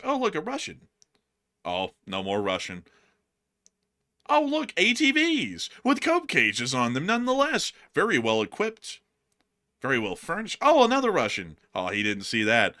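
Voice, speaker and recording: Lively, bright-voiced joking man. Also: medium pitch, normal speed. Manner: animated, jokey, bursts into silly voices and laughs. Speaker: co-host of a war news commentary stream. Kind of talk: casual joking commentary over video clips.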